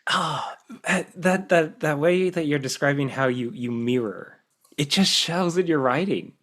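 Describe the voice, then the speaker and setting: A man's voice: a little high, measured pace, a bit bright. A man hosting a podcast, chatting enthusiastically, laughing often and stumbling through restarts. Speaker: podcast host. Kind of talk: casual podcast chat.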